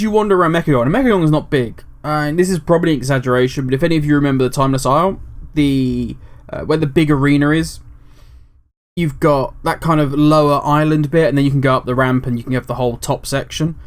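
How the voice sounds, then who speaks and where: A man hosting casual gaming commentary, rambling and jokey, animated and swearing freely. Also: a little high, fast talker. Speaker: gaming video host.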